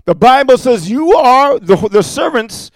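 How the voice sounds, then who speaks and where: A middle-aged preacher with a high voice delivers a fiery sermon, recorded close and dry with no room around him. Very animated at a measured pace, he murmurs his stories low, then rises into loud, pressing exhortation, peppered with "amen" and "huh?".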